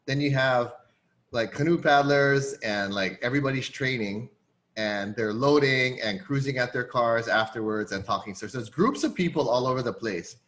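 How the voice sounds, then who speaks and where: A man's voice: medium pitch, moderate pace. A middle-aged man from Hawaii, hosting a casual chat and telling a story with lots of fillers and acted-out quotes. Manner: animated storyteller, many fillers, acts out quotes. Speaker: host.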